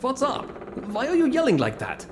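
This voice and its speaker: A surly Russian guard. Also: male voice, very high voice, huge pitch swings, moderate pace, slight background noise, full character voice. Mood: gruff, dismissive. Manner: blunt, dismissive. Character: gruff Russian male prison guard, surly. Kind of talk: video game voice acting.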